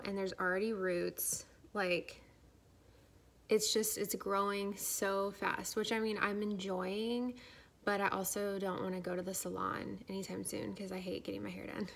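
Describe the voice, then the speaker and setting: A woman's voice: mid-range voice, level tone, moderate pace, creaky, fairly bright tone. A young woman chatting casually in a vlog, filler-heavy and saying "like" a lot, a little out of breath as she talks. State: slightly out of breath. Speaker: vlogger. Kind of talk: casual pregnancy update vlog.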